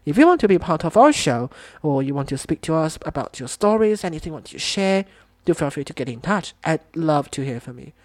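A man's voice: on the high side, sing-song, a little fast, few pauses, dry recording. A man hosting a podcast interview, speaking hesitantly with frequent restarts. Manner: hesitant, with many fillers and restarts. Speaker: podcast host.

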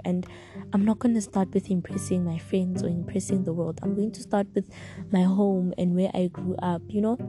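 Young woman, podcaster, heartfelt and reflective, over clear guitar music. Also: medium pitch, poor audio. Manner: heartfelt, reflective, openly emotional. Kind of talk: casual personal podcast monologue.

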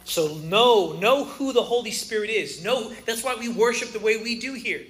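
A man pastor giving an emotional sermon, swinging from loud cries to soft, low passages, in a church. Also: normal speed. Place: church sanctuary. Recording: roomy church hall.

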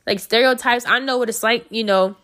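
A woman's voice: fairly high pitch, fairly even intonation, brisk, fairly bright tone. A woman sharing a personal story in a casual, chatty way, full of fillers and self-corrections. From United States. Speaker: speaker sharing personal experience.

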